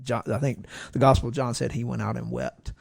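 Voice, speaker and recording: Gravelly-voiced pastor telling stories. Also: male voice, mid-range voice, brisk, no room sound, clean studio sound. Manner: lively storyteller who acts out the voices in his stories. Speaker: pastor, podcast guest. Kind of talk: casual storytelling chat.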